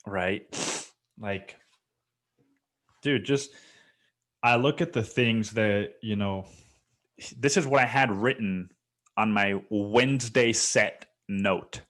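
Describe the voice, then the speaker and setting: A man's voice: fairly low pitch, takes it slowly, long pauses, a bit bright. A young man hosting his own podcast, talking in a rambling, casual monologue full of swearing and "dude.". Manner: rambling, swears a lot, says "dude" and "like" often. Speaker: podcast host.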